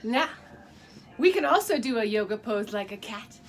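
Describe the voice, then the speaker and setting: A little high and lively in intonation, this woman speaks at normal speed while guiding kids through a movement storytime in her basement. She keeps things playful and encouraging, with frequent laughter and animal noises.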